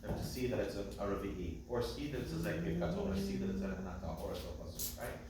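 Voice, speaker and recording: A man's voice: on the low side, sing-song, quick pace, a little mellow, a little hiss or hum. A man teaching a trope class as cantor, who speaks patiently and chants the phrases. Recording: echoey room, mic at a distance.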